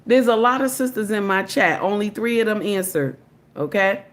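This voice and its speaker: Emphatic woman streamer chatting with viewers. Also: mid-range voice. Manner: emphatic, drawn-out, repeats herself and greets viewers by name. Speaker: livestream commentator. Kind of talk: casual live-stream commentary to chat.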